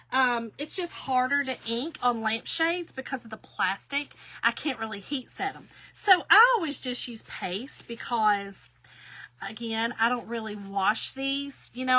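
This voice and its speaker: Chatty bright-voiced woman. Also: on the high side. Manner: folksy, talks straight to viewers with "y'all" and "okay?". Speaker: craft livestream host. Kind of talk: chatty craft livestream storytelling.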